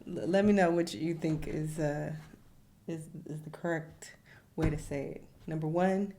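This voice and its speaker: A woman's voice: low-pitched, fairly even intonation, measured pace, warm tone, slight background noise. A woman hosting casual reaction commentary, blunt and outspoken. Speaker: host.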